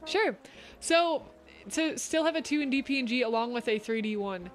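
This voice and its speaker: A woman hosts a casual streamed talk, reading chat questions aloud and answering them with encouraging advice. Her voice sits a little higher than usual. She sounds like she is talking into a streaming mic. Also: expressive, normal speed. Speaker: host.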